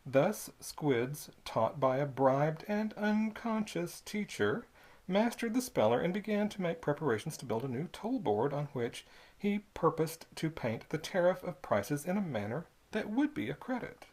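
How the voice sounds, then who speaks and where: Audiobook narrator, expressive, pitch moves a lot. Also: breathy edge. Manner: measured, expressive storytelling. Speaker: audiobook reader. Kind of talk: storybook narration.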